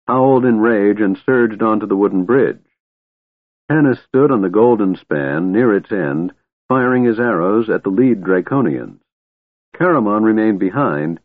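A man reading a fantasy audiobook in a steady, measured storytelling manner. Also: fairly low pitch, dry recording. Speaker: audiobook narrator. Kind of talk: scripted fantasy narration. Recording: tinny phone-like, dry.

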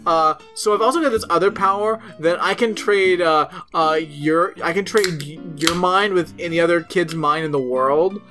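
A man's voice: a little high, moderate pace, few pauses. Male co-host, loose and profane, lots of ums, faint guitar music underneath. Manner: rambling, profane, filler-heavy. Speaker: podcast co-host. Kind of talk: casual chat recapping a TV episode.

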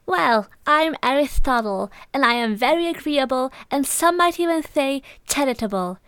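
A woman voicing a haughty, pompous young boy with glasses who is quick to take offense. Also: high voice, lively intonation, fairly bright tone, no echo, pitched above the performer's own voice. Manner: pompous, indignant.

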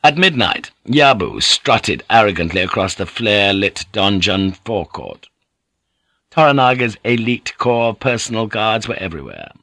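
A man reading an audiobook with measured, even storytelling. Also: fairly low pitch, no room sound. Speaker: audiobook narrator. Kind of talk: scripted narration.

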